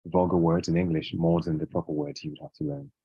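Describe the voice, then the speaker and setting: A man with a very deep, slightly husky voice speaks in an easygoing interview. He rambles, restarts sentences and leans on fillers as he explains things. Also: level tone, fast, highs cut off. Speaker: guest English speaker. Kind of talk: casual conversational interview.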